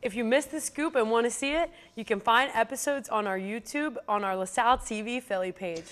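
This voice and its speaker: A woman's voice: fairly high pitch, brisk, fairly bright tone. Playful young woman co-anchoring student news. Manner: playful, laughs easily. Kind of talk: scripted news reading and casual banter.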